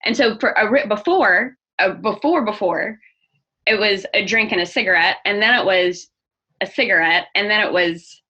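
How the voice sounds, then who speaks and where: A woman's voice: medium pitch, moderate pace, bright, forceful tone, slightly rough. A young adult woman speaking openly and earnestly as an interview guest, often restarting her sentences. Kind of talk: candid personal interview. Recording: dull lo-fi audio.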